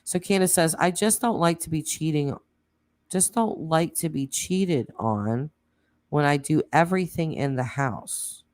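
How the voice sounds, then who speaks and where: A woman hosting a true crime channel, reading text messages aloud in a plain way, with pauses and casual asides. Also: low-pitched, expressive, darkish tone.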